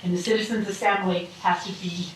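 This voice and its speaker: A woman in the audience asks a panel a deliberate question, often repeating words. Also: mid-range voice, fairly even intonation, slight background noise. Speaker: audience member asking a question. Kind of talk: public Q&A question. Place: public meeting hall. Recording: very echoey hall, distant mic.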